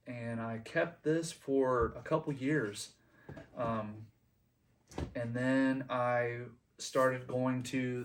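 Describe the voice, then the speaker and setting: A man's voice: mid-range voice, recorded from a distance. A middle-aged man telling a story casually on his channel, rambling with many ums and restarts. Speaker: channel host.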